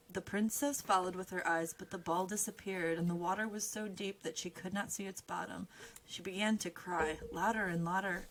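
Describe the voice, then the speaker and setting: A woman's voice: fairly low pitch, slight background noise, low-quality recording. A woman co-hosting a podcast, retelling a fairy tale casually with jokes and swearing. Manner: irreverent, joking, swears freely. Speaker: podcast co-host and storyteller.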